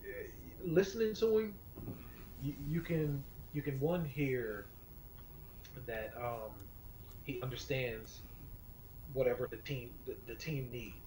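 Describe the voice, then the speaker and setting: Podcast co-host, man, average pitch, measured hesitant delivery. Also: darkish tone, slight background noise, poor audio. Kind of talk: casual sports chat.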